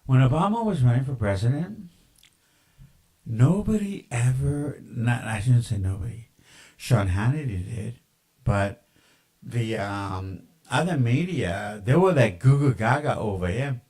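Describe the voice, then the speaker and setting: A man's voice: mid-range voice, expressive, unhurried, a little mellow, husky, rough recording. A man ranting in a casual, rambling monologue, with lots of profanity, fillers and tangents.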